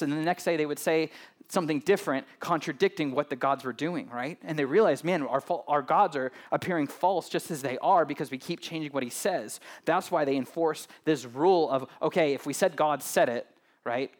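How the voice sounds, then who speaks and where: A man preaching a sermon as pastor, talking to the congregation in a loose, conversational way, often adding "right?" and joking with them. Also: medium pitch.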